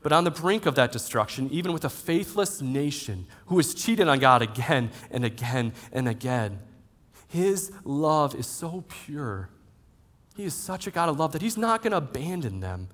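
A man in his thirties preaching a sermon in a church auditorium, swinging between loud, emphatic lines and soft, drawn-out ones. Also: on the high side, animated. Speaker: pastor. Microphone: handheld or headset mic.

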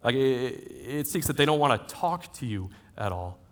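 A man preaching to a congregation in an auditorium, his voice sitting at a middling pitch. He swings often between loud, emphatic passages and soft, slowed-down phrases, with conversational asides mixed into the sermon. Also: animated. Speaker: pastor. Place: church auditorium. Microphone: handheld or headset mic.

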